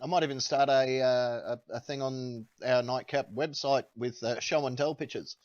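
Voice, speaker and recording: Chatty host on a video call. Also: male voice, mid-range voice, steady tone, moderate pace, muffled recording. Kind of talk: casual chat on a live video call.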